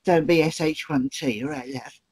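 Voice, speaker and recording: A man putting on an impression of a male comedian, with a squeaky, high, sing-song voice. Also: normal speed, darkish tone, no room sound, lightly acted. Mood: cheeky.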